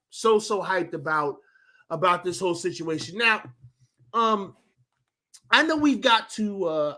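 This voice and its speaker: A man co-hosting a casual sports chat, loud and hyped, swearing and repeating himself. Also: high-pitched. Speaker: podcast co-host.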